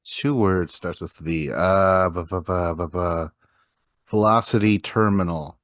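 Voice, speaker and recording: A man with a very low voice recorded dry and close, with almost no room sound. He chats about movies in a laid-back way, laughing easily and swearing casually. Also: a little slow, a bit bright, dry recording. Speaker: podcast co-host.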